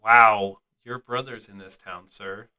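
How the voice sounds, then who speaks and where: A man's voice: on the low side, fairly even intonation, slow, heavy background noise. A man co-hosting a casual podcast, teasing his co-host and laughing often, with a slight Southern twang. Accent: slight American Southern twang.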